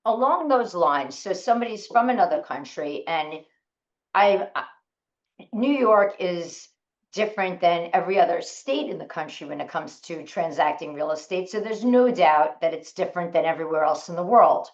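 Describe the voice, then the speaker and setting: A woman hosting an interview, asking questions in a halting, casual way. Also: fairly low pitch, lively intonation. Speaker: podcast host. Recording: dull lo-fi audio.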